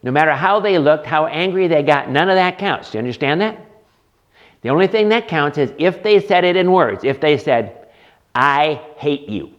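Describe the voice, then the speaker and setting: A man gives a counseling lecture in a slightly high voice, putting rhetorical questions to his class. The recording is dull and lo-fi, with muffled highs. He sounds like an instructor talking a room through a lesson. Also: animated, moderate pace.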